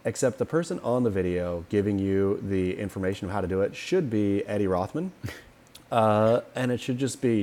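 A man co-hosting a podcast in casual chat, opinionated and animated, acting out quotes as he tells stories. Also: on the low side, moderate pace. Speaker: podcast co-host.

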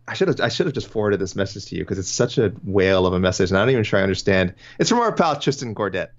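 Lower-voiced guy chatting on a podcast, rambly, keeps cutting himself off, kinda muffled lo-fi sound. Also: sing-song. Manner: rambling, self-interrupting, quick asides. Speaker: podcast co-host. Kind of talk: casual podcast chat about fights. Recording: dull, lo-fi sound.

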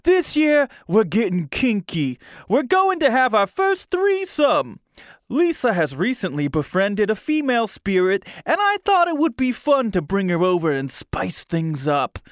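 A man doing a high, sing-song Jersey guy. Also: huge pitch swings, measured pace, no room sound, clean studio sound, exaggerated voice. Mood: giddy. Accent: New Jersey. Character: giddy corny man, smitten and nervous.

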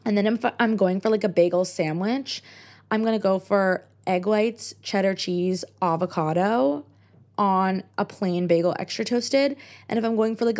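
Woman, twenties, American accent, casual solo podcast chat, filler-heavy, middle pitch. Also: darkish tone. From United States. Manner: chatty, many "like" fillers. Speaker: podcast host.

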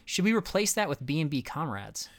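A man co-hosting a casual podcast chat, playful and quick to laugh. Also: on the high side, sing-song. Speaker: podcast co-host.

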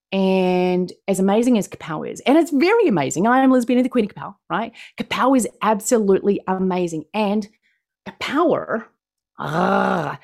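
A woman with a New Zealand accent delivers an upbeat motivational talk over a video call. She speaks at a middle pitch with exuberant emphasis and hammers home her points by repeating them. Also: darkish tone. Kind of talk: motivational presentation.

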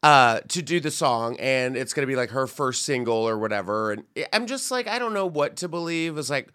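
A man's voice: mid-range voice, lively intonation, fairly quick, pushed and bright, clear, resonant tone. A man co-hosting a comedy podcast, chatting casually and mocking celebrity gossip, breaking into squealing voices when he quotes people. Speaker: podcast co-host.

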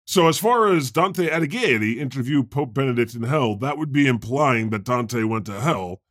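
A man's voice: mid-range voice, expressive, normal speed, fairly bright tone, dry recording, clean studio sound. A man riffing as God on an improvised comedy podcast, rambling and jokey, often laughing. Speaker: podcast host playing God.

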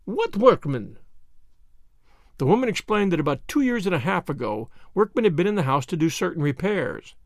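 A man narrating a detective story as an audiobook, measured and expressive. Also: high voice, no echo, studio quality.

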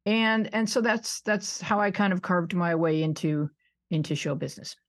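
Chatty low-voiced woman in her sixties. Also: moderate pace. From United States (suburban Buffalo, New York). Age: 60s. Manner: chatty, self-deprecating, laughs often, many "you know"s. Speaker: podcast guest. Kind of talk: casual interview chat.

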